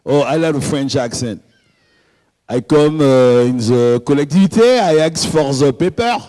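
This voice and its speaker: A man's voice: medium pitch, extremely slow, breathy edge, pitched below the performer's own voice, rough recording. A man voicing a bumbling male traveller with a put-on French accent, telling a rambling comic story.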